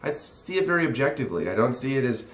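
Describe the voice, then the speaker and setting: A man's voice: medium pitch, big pitch swings, quick pace, fairly bright tone. Sarcastic, profane young man ranting. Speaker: vlogger. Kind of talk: ranting commentary reacting to a text. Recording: echoey room.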